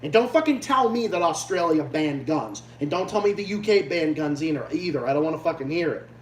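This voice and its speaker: Talking a little fast with lively intonation and a highish voice, this Massachusetts streamer goes on a blunt, cursing, heated rant. It's recorded in an echoey room on a distant mic with a faint hum.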